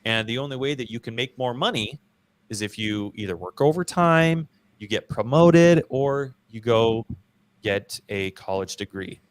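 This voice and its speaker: A man's voice: mid-range voice, lively intonation, moderate pace, no echo. A man hosting a casual podcast, telling his own story in a slangy, self-deprecating, emphatic way. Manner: slangy, storytelling, frequent "bro" and "dude". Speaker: podcast host.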